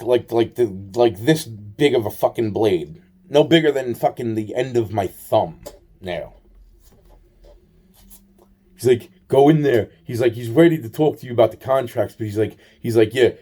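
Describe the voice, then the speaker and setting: A man's voice: medium pitch, warm tone. A man telling a rambling, aggrieved personal story in a monologue, swearing often and repeating himself. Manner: profane, repetitive, aggrieved storytelling.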